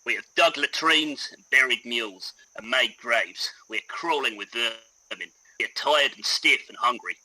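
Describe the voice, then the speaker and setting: A man's voice: medium pitch, normal speed, few pauses, bright, forceful tone, slightly rough, poor audio. A man voicing a weary young Australian soldier in a put-on Australian accent, reading a lament aloud.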